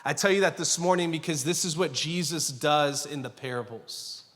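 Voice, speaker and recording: In a sanctuary with long hall reverb, a man in his thirties preaches a sermon built around a family story, poking fun at himself and acting out quotes in a conversational style. He sounds slightly high and a bit bright, speaking at a moderate pace.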